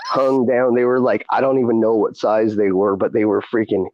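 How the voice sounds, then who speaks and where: A man's voice: lowish voice, level tone, fairly quick, highs cut off, slight background noise. A man hosting a casual chat, rambling with many fillers and frequent laughs. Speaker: podcast host and streamer.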